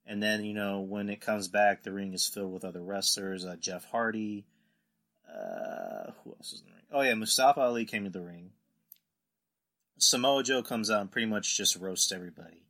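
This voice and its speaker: Male podcast host, low and punchy, casual chat, animated storyteller. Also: moderate pace. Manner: animated storytelling, acts out quotes.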